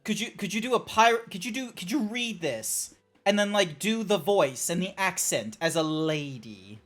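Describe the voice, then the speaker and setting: A fairly high-pitched man talks over a faint bed of chill background music. He is a game streamer in loose, casual chat, riffing through silly tangents. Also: animated, a bit bright. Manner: rambling, joking, quick tangents.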